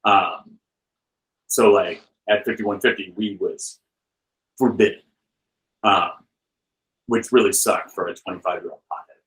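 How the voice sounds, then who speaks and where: A man who directs films and writes books is a podcast guest, spinning a story in a loose, chatty way packed with filler words. His voice sits fairly low and he takes his time, leaving long pauses, though the audio quality is poor. He's a lively anecdote-teller who acts out the people he quotes by shifting his voice.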